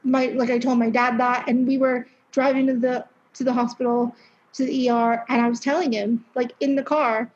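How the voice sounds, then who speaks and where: A young woman with a high voice talks as a podcast guest, in a loose, chatty way full of fillers and blunt swearing. The sound is dull and lo-fi. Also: flat delivery, moderate pace, a little mellow. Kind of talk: casual interview storytelling.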